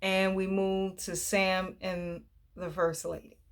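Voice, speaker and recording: A woman vlogger recapping a TV drama in casual, animated chat, acting out characters' lines. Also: fairly low pitch, takes it slowly.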